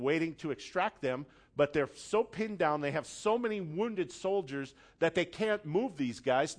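A man preaching a sermon, telling a story dramatically and building from quiet, hushed lines to loud, forceful appeals. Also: on the high side.

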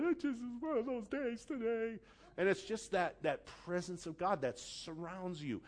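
A middle-aged pastor with a slightly high voice preaches passionately. He drops into hushed tones, then rises to loud, emphatic lines.

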